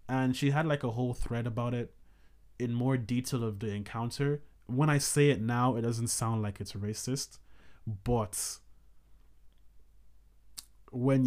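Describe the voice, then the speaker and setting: Guy hosting a podcast, chatty and rambling, lots of restarts, mid pitch voice. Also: fairly even intonation, unhurried, darkish tone. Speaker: podcast host. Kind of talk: casual chat.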